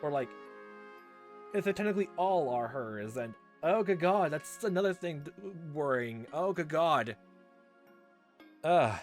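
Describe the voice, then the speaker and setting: A man's voice: a little high, expressive, moderate pace, darkish tone, soft background music. A young man casually reading and commenting through a story game, rambling with lots of fillers and exclamations. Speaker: let's play host.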